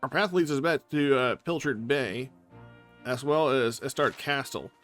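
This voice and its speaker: A man hosts a let's play, casually chatting and thinking aloud about the game while faint music plays behind him. He keeps a measured pace, and his medium-pitched voice has a slight brightness.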